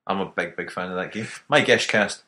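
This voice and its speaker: Sharp-voiced man cracking jokes. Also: low voice, a little fast. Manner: dry wisecracking banter, swears. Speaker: podcast co-host. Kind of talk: casual chat.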